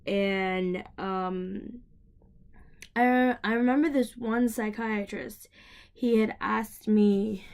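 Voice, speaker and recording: A woman's voice: medium pitch, steady tone, drawn-out words, darkish tone. A young woman casually telling her own story to the camera, rambling with many fillers, restarts and laughs. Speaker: vlogger.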